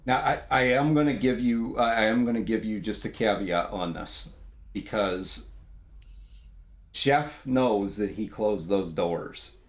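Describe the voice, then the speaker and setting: A man narrating as game master of a tabletop game, brisk and firm about the rules. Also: on the low side. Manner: brisk, counts down time.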